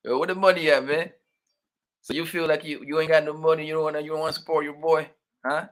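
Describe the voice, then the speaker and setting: Man, livestream host, bright forceful voice, playful slangy banter. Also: a little high, level tone, fast. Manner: loose slangy banter, calls everyone "man", playful teasing. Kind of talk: casual livestream chat, reading viewer names.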